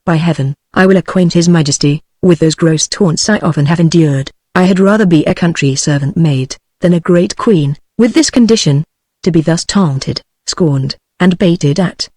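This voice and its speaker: A text-to-speech woman's voice with a British English accent reads the lines of a proud, wary queen in a flat, even manner. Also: on the low side, moderate pace, no echo, clean studio sound, natural voice. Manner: flat, even synthetic reading.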